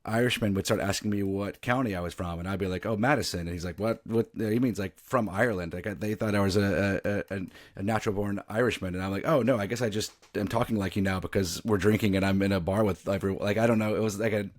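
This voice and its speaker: Man, deep voice, casual podcast guest, rambling, dry studio sound. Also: steady tone, quick pace, few pauses, dry recording. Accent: neutral American, faint Southern. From American South. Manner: rambling, many restarts and fillers. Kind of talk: casual interview chat.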